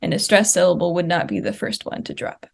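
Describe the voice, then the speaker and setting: A woman's voice: fairly low pitch, sing-song, a little fast, gravelly. A young woman presenting linguistics research at a conference, explaining slide examples step by step with occasional fillers. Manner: uses fillers like uh and um.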